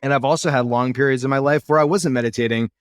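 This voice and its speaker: A man's voice: medium pitch, quick pace, clear, resonant tone, no room sound, studio quality. A man in his thirties hosting a podcast, chatting casually and eagerly with his guest. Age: 30s. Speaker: podcast host. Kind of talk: casual conversational interview.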